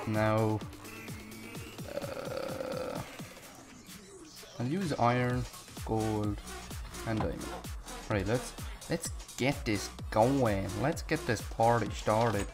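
Young male gaming host, slow-paced, cusses and mutters to himself mid-game, music bed behind. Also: on the low side. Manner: excitable, swears often, talks to himself while playing. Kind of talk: live gameplay commentary.

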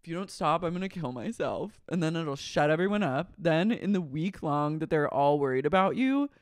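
Snarky, fairly high-voiced man on a podcast. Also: lively intonation, clear, resonant tone, no room sound, clean studio sound. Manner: snarky, quick with bold jokes. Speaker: podcast co-host. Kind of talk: casual gossip chat recapping a reality show.

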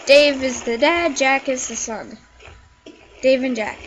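A woman giving let's play commentary, excitable and jokey, squealing and shrieking at the game and chattering to herself. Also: high voice, slow, slight background noise, low-quality recording. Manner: jokey running self-talk. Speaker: gaming video creator.

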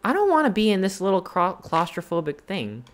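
A streamer chatting with viewers while playing a game live, thinking aloud in hesitant questions and gasping in excitement at each new find. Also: medium pitch, fairly quick. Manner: excitable, gasping and exclaiming at discoveries.

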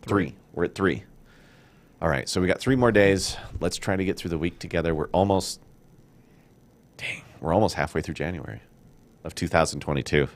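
A middle-aged man hosting a casual studio chat, joking and rambling in an animated way. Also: deep voice, moderate pace, long pauses. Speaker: show host.

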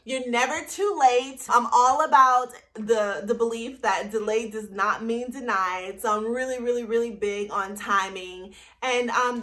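Woman, thirties, bubbly, animated vlog talk, fairly high voice, bright and forceful. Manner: bubbly, animated, laughs often. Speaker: vlogger. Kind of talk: casual testimony vlog.

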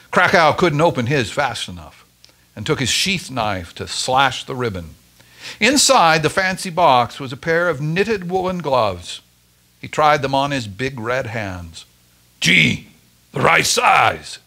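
Expressive male storyteller. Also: medium pitch. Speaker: story reader at a church Advent service. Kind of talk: scripted story reading.

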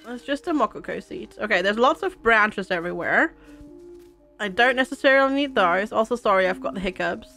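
A woman's voice: medium pitch, lively intonation, fairly quick, bright, forceful tone, faint music behind. A woman streaming a video game, chatting casually with viewers, giggly and reading game text aloud. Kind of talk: casual let's-play chat.

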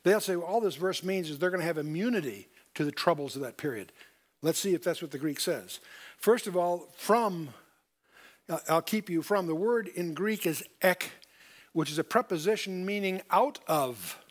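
With a high voice and lively intonation, this older Bible teacher moves through scripture verse by verse at normal speed. He presses his main points, says them again, and asks the audience questions.

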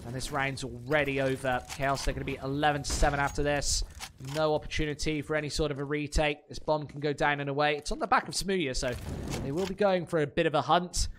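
A man doing play-by-play commentary on an esports match, surging into excited shouts on big plays. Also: fairly high pitch, a little hiss or hum.

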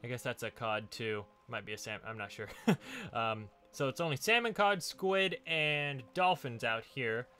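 A man's voice: mid-range voice, animated, normal speed, bright, forceful tone, faint music behind. A man hosting a let's play, chatting casually and laughing often while he explores and digs. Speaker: gaming channel host.

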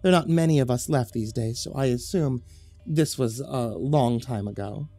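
A man voicing a prim, devout southern churchwoman in her middle years, raising his voice high and breathy. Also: moderate pace, warm tone, no room sound, faint music behind. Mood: flustered.

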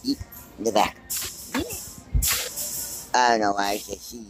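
With soft music in the background and low recording quality, a man speaks at a measured pace in a lowish, steady voice. He's walking and talking through a big store with a handheld phone, rambling and thinking aloud while browsing for a casual vlog.

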